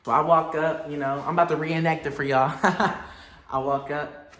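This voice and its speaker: A young man telling a story to the camera, animated and slangy, laughing often. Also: on the high side, moderate pace. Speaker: vlogger.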